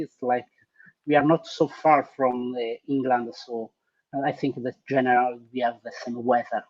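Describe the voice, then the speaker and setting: A man with an Italian accent, a panelist on a video call, speaking with hesitant pauses. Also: medium pitch, fairly even intonation, a little mellow, no room sound, muffled recording. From Italy. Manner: hesitant, many uh fillers.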